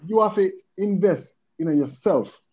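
Podcast guest, man, lively and earnest with patois, higher-pitched voice, muffled lo-fi audio. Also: measured pace, breathy edge. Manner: animated, repeatedly checks in with the listener, mixes in patois. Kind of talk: casual chat. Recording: dull lo-fi sound.

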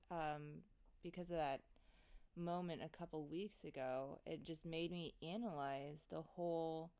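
A woman in her thirties hosts a livestream, chatting casually with viewers in a loose, talkative way and laughing and swearing often. Her voice is low, creaky, and mellow.

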